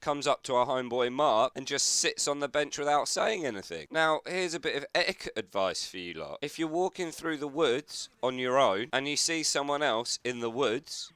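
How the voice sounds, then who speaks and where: A man's voice: mid-range voice, a bit bright, clear, resonant tone, no room sound. A man giving sarcastic, sweary reaction commentary on a video, exasperated and mocking.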